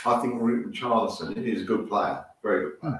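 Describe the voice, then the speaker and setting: A man with a lowish voice airs strong football opinions with indignation. He sits far from the mic, and his voice rings in a strongly echoing room. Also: a little fast, a bit bright. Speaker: podcast panelist. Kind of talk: casual chat. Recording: distant echoey mic.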